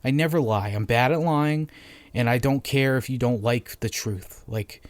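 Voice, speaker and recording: A man's voice: medium pitch, normal speed, no room sound. Brief: young man, Massachusetts accent, medium voice, cursing, dry recording. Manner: profane, rambling, blunt. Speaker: podcast host. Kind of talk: casual solo podcast rant.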